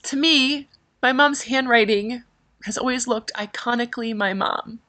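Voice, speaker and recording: A woman's voice: a little high, measured pace, pushed and bright. A middle-aged woman hosting a podcast, telling a personal story in an emotional, rambling way with many fillers. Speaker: podcast host.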